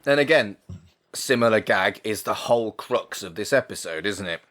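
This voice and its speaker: A man's voice: fairly low pitch, lively intonation, normal speed, fairly bright tone. A man co-hosting a podcast, chatting casually and laughing easily. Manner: giggly, easily amused. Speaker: podcast co-host. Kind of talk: casual chat.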